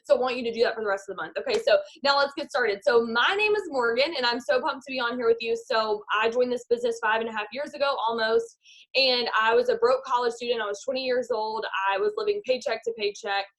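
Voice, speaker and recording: A woman's voice: a little high, animated, quick pace, a bit bright. A woman, a network marketing leader giving an upbeat motivational talk over a video call. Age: 20s. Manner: upbeat, guides a visualization.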